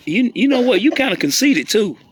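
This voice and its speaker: A man's voice: very high voice, big pitch swings, a little fast, slight background noise. A man hosting a casual phone video at an outdoor campsite, playful and teasing, often repeating his words. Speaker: host filming the gathering. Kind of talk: casual chat to camera. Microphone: handheld phone camera.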